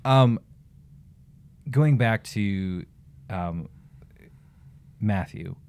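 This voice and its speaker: A man co-hosting a church podcast, speaking calmly and soothingly about scripture and faith. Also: fairly low pitch, a little hiss or hum. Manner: calm, slow, soothing speech. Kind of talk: casual faith conversation. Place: small room at the church.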